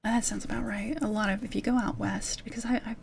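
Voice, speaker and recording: A young woman streamer whispering soft, rambling ASMR chat with many fillers, speaking into a mic held close to her chest. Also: mid-range voice, fairly even intonation, fast, gravelly, slight background noise. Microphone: close mic held near the chest.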